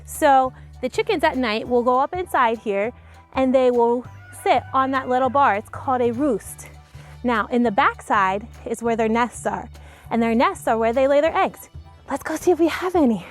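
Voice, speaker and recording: A woman hosting a farm tour for children, talking in an animated way straight to young viewers, outdoors on a farm. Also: high voice, normal speed, faint music behind. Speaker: host showing a farm to children. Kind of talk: children's educational talk.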